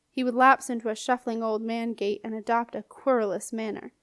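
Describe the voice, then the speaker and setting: A woman narrating an audiobook with expressive storytelling. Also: a little high, dry recording, clean studio sound. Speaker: audiobook reader. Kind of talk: scripted narration.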